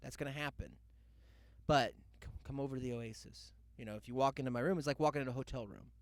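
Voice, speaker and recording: A man's voice: mid-range voice, fast talker, dry recording. A young man hosting a podcast, telling a loose comic story full of asides and mock quotes. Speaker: podcast host. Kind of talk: rambling comedic monologue.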